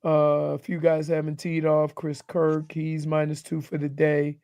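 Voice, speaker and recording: A man on a sports radio show reading golf scores off a leaderboard, pausing often with fillers. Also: fairly high pitch, monotone, darkish tone, clear, resonant tone, dry recording. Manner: halting, with fillers as he reads a leaderboard. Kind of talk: casual sports radio banter. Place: radio studio.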